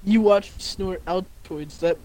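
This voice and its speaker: A man's voice: high voice, unhurried, low-quality recording. A man hiccuping constantly through casual, crude chat with friends, swearing and laughing at himself. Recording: loud background noise.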